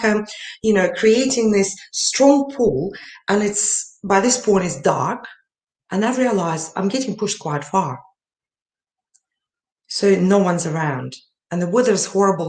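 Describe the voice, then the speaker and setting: A woman telling a personal story at a summit, earnestly and with many fillers. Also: medium pitch. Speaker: summit speaker. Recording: echoey room.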